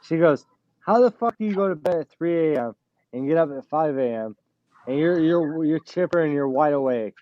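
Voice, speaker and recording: A man's voice: on the high side, animated, normal speed, dark tone, lo-fi sound, a little hiss or hum. A man hosting a casual live show, talking bluntly and swearing often, bragging about pushing through on little sleep. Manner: blunt, swears a lot, boastful. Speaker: show host. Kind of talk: casual live-stream chat.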